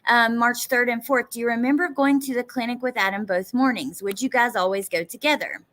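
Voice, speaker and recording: A woman's voice: a little high, fairly bright tone. A woman hosting a livestream, reading an interview transcript aloud in a plain, conversational voice, giving both the questions and the answers. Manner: conversational, halting read with many fillers. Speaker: livestream host.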